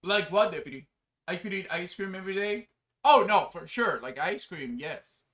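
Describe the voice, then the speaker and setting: Male streamer, high and bright, rambling and excitable chat, lo-fi dull stream mic. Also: normal speed. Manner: excitable, bursts into loud exclamations; chatty, rambling, many fillers. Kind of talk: casual live-stream chat.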